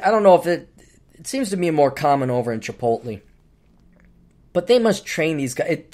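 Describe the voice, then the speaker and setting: A middle-aged man hosting a podcast, ranting solo in a blunt, profane, sarcastic way. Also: on the high side. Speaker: podcast host.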